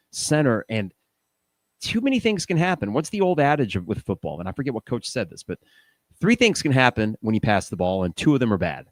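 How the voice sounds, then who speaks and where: A man's voice: mid-range voice, dry recording. A man hosting a fan podcast, giving opinionated, casual commentary and thinking aloud with rhetorical questions. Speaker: podcast host.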